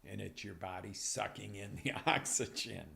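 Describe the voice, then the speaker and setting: A man hosting a live motivational coaching show, talking with energy and swinging from near-whispers to loud bursts. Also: fairly low pitch, normal speed, vocal fry, slight background noise. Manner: energetic, animated, drops to whispers then surges loud. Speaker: life coach and show host. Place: broadcast live on social media.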